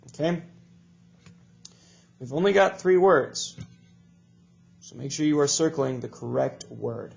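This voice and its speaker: A man's voice: mid-range voice, animated, takes it slowly, creaky, pauses often, darkish tone. A male teacher with a stuffy nose, giving a recorded video lesson to young students in a patient, encouraging way and repeating each instruction. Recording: dull lo-fi recording.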